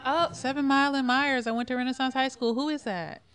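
A woman's voice: high-pitched, fairly even intonation, brisk, a bit bright. A woman TV writer chatting as a guest on a live podcast, giggly and enthusiastic. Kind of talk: casual live podcast chat. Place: theater with live audience.

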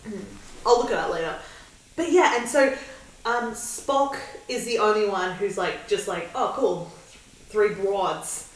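A woman's voice: medium pitch, expressive, normal speed. A woman co-hosting a podcast, chatting casually about an episode, laughing often and acting out quotes. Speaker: podcast co-host. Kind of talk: casual chat recapping an episode. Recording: echoey room, distant mic.

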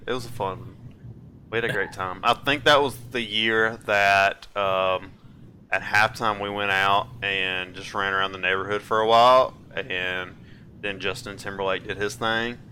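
A man in his twenties co-hosting a casual movie-review podcast, telling stories in an animated way and laughing often. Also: lowish voice, a little slow, slight background noise. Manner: animated storyteller who acts out quotes and laughs often. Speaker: podcast co-host.

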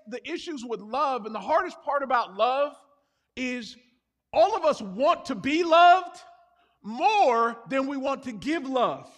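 High-voiced pastor preaching in a hall. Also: male voice, fairly bright tone. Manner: conversational, confessional storytelling with self-deprecating humor. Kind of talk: sermon. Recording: reverberant hall.

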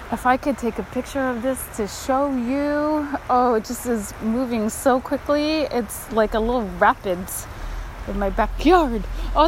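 A woman chatting on a walking vlog outdoors by a creek, rambling and excitable, a little out of breath from walking. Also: on the high side, slight background noise. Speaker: vlogger.

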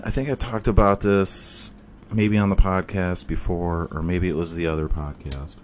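A man's voice: deep voice, slight background noise. A man hosting a podcast, rambling through a profane, jokey rant in a casual way. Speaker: podcast host.

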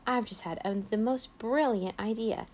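A woman voicing a lively, excitable schoolgirl in a storybook read-aloud, bouncy and eager as she talks. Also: a little high, normal speed, voice pushed up, lightly acted. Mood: excited.

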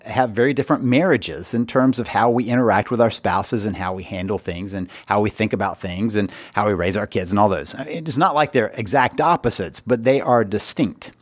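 A man's voice: medium pitch, no room sound, clean studio sound. A man hosting a podcast, talking casually and telling a story in a loose, conversational way. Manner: conversational storytelling with brief playful voices. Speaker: podcast host.

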